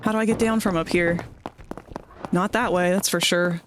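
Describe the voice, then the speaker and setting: A woman's voice: fairly low pitch, steady tone, normal speed, over music. A woman from Maryland chatting casually on a livestream while playing a game, rambling through stories with self-deprecating asides. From Maryland, United States. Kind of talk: casual chat while gaming.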